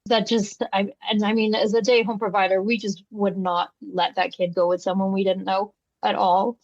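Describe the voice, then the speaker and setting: She's a day home provider and podcast co-host whose casual chat features lively storytelling, complete with acted-out voices. Her voice sits in the middle range at a moderate pace, in a dull, dry, lo-fi recording.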